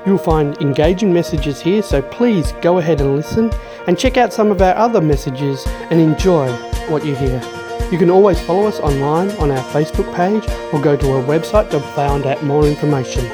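A man's voice: on the high side, moderate pace. A man reading a scripted welcome that introduces a podcast. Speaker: podcast announcer. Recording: spoken over guitar music. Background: guitar music.

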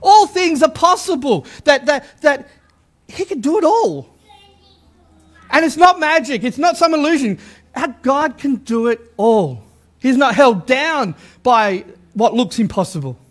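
A middle-aged man, a pastor, preaching a lively sermon and repeating his key lines for emphasis. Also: very high-pitched, measured pace.

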